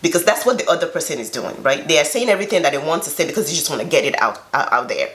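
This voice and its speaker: A woman's voice: low-pitched, expressive, very fast. A woman vlogger giving casual, earnest advice on her own experience, speaking conversationally with emphatic pushes. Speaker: self-reflection vlogger.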